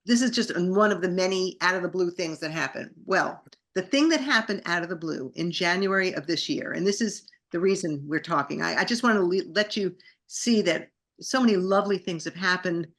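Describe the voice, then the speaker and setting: A woman's voice: lowish voice, a little fast, a bit bright. A middle-aged woman, a singer and actress, telling her story in an interview with an enthusiastic, grateful manner.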